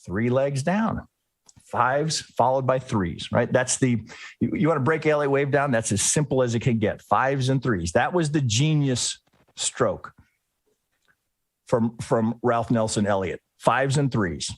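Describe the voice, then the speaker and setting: A man's voice: medium pitch, measured pace, dry recording. A man teaching a live trading lesson, talking through charts and acting out traders' inner thoughts. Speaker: trading educator.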